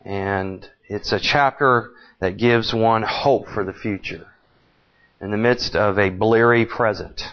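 Man, Bible sermon, very slow delivery, muffled lo-fi sound. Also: on the low side. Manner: slow and deliberate, with frequent uh pauses. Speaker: preacher. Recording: dull lo-fi recording.

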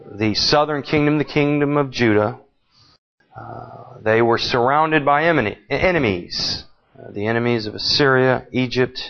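Male preacher teaching scripture, unhurried and halting, dull old recording. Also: mid-range voice. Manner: slow and deliberate, with frequent uh pauses. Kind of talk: Bible teaching sermon.

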